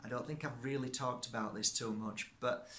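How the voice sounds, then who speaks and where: A man's voice: mid-range voice, fairly even intonation, normal speed, bright, forceful tone, slight background noise. A middle-aged man, a crystal energy healer, talking casually to viewers and telling a personal story, often checking in with "okay?". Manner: chatty, checks in with listeners.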